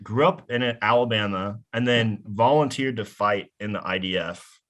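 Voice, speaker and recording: A man's voice: fairly low pitch, moderate pace, fairly bright tone. Rambling young male comedian guest. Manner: rambling storyteller, laughs often, self-correcting restarts. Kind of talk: casual podcast chat.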